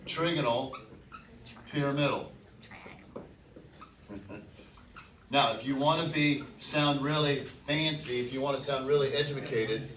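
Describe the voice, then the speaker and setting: A man's voice: mid-range voice, fairly bright tone. A male chemistry teacher giving an upbeat, joking classroom lecture, counting aloud and quizzing his students. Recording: echoey classroom, mic far off.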